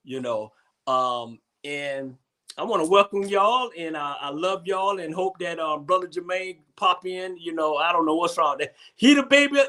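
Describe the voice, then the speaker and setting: High, bright-voiced man hosting. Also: expressive, normal speed. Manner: rambling, repeats himself, Southern Black vernacular. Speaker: host. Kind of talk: casual comedic chat.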